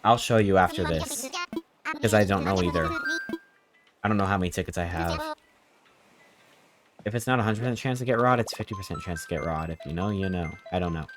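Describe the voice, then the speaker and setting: A young man with a very low-pitched voice hosts a live game stream. He rambles and jokes with his viewers as he reacts to chat. Game music plays clearly behind him the whole time. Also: fairly quick, pauses often.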